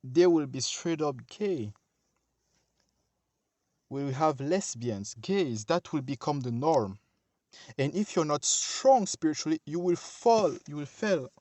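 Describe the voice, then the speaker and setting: A man's voice: fairly high pitch, lively intonation, slow, warm tone, dry recording. A man preaching a sermon, speaking emphatically, repeating himself and addressing the listeners directly.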